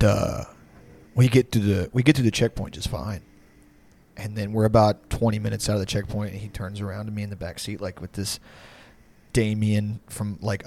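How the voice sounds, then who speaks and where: A man's voice: fairly low pitch, darkish tone, dry recording. A man telling a long, rambling story in casual chat, swearing freely and breaking into laughs.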